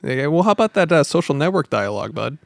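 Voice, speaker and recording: Gravelly, slightly high podcast guy. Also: fast, no echo, clean studio sound. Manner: swears freely, animated retelling of anecdotes. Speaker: podcast co-host. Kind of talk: casual film chat.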